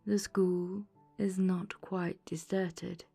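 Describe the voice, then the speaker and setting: A soft, unhurried Christmas spirit, as a woman reads it, speaking in a low, mild storybook voice with faint music drifting underneath. every word comes out calm and measured. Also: vocal fry, slightly rough, full character voice. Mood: gentle. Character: gentle mild ghost of Christmas past.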